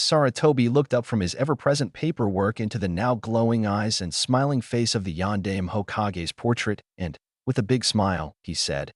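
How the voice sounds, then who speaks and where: A man reading a fan story aloud as narrator, with wry, animated storytelling. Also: lowish voice, no room sound, studio quality.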